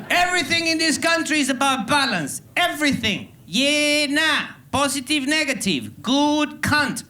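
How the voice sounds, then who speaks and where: A man's voice: very high-pitched, expressive, measured pace, few pauses, noisy background. A man from Venezuela with a Venezuelan Spanish accent, hosting a stand-up comedy show and hyping a live crowd with playful energy. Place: theatre stage before a live audience.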